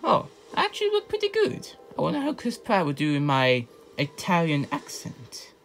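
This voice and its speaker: A man voicing an excitable young male plumber hero in a fan comedy, squeaking and yelling in a flustered way. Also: normal speed, a little hiss or hum, exaggerated voice. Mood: excited.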